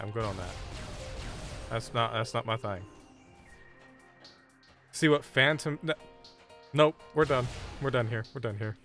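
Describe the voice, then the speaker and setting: A man's voice: medium pitch, pushed and bright. A man streaming a game live, chatting casually and bluntly brushing off requests from chat. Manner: blunt, dismissive banter with chat.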